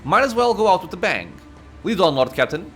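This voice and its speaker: A man's voice: high voice, sing-song, brisk, a bit bright, faint music behind, pitched above the performer's own voice. A man reading aloud the lines of a troubled, defiant woman psyker from a video game, in a slightly raised voice. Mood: wry. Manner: reads dialogue aloud in a slightly raised, lightly acted voice.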